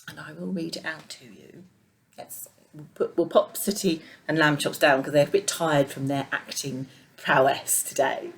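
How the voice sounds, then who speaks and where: A woman leading junior church, telling a children's Bible story with puppets in a playful, animated way. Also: deep voice, creaky.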